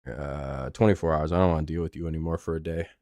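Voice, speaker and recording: A man's voice: extremely low pitch, fairly even intonation, quick pace, a little mellow, dry recording, clean studio sound. A young man hosting a live baseball watch-along stream, chatting casually and ranting with heavy swearing at negative chatters. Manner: profane, exasperated ranting at chatters. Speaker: livestream host.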